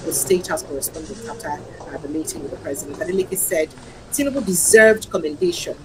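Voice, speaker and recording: A lower-voiced woman with a Nigerian accent reads newspaper headlines on a livestream and comments on them. She moves between standard English and Pidgin. A faint hiss sits under her voice. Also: fairly quick. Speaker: news commentator.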